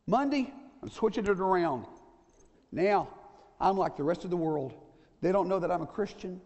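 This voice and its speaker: A man's voice: high voice, animated, normal speed, long pauses, darkish tone. A man in his sixties preaching a sermon, folksy, repeating his key points and checking in with the congregation. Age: 60s. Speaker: pastor. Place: church sanctuary. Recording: long church reverb.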